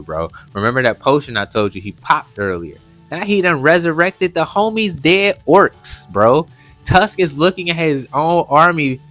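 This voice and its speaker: A man recapping an anime episode in casual, animated commentary, full of slang and jokes. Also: mid-range voice. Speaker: anime reviewer.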